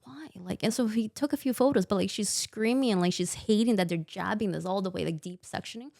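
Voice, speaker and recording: A young adult woman, a maternity nurse guesting on a podcast, candidly retells her birth experience in a conversational storytelling style, punctuating it with emphatic quoted dialogue. Her medium-pitched voice is fairly quick, creaky and darkish, recorded in studio quality with no echo.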